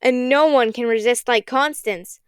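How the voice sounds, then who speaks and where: A woman's voice: fairly high pitch, moderate pace, clean tone, no room sound, clean studio sound, close to an everyday voice. A woman voicing a brave, earnest boy in a read-aloud story. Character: brave determined boy leader.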